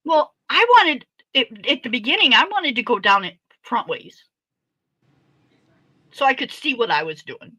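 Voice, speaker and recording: A woman's voice: high voice, a little slow, no echo, rough recording. A middle-aged woman hosting a casual chat, telling a story with lots of laughter and free swearing. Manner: animated, laughing often, swearing freely. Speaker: host.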